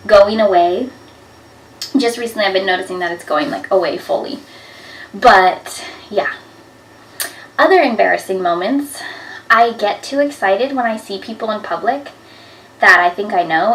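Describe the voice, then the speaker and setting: A woman's voice: mid-range voice, moderate pace. Chatty young woman in an echoey room. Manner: chatty, animated, full of "like" fillers. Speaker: vlogger. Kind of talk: casual storytelling to camera. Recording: echoey room, a bit far from the mic.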